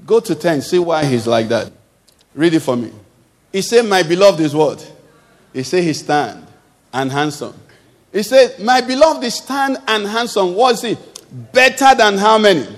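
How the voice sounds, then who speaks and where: A man's voice: high-pitched, big-room sound. A male pastor preaching a sermon to his congregation, emphatic, throwing questions out for the crowd to answer. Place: church hall.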